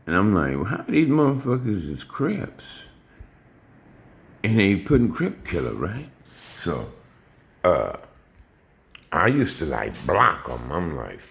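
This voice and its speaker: A man's voice: very deep voice, creaky. A man giving a rambling, casual monologue in streetwise slang. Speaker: vlogger. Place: home in suburban Houston.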